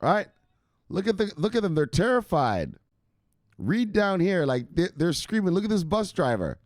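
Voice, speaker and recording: Animated man hosting a crypto livestream. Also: high-pitched, moderate pace, dry recording, clean studio sound. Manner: animated, profane, jokey shout-outs. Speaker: host of a crypto news livestream. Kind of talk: casual livestream chat.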